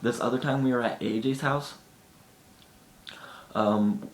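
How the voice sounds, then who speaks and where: A man telling casual stories to the camera in a chatty way, sometimes acting out his friends' lines. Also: slow pace. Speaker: vlogger. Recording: echoey room with faint rumble.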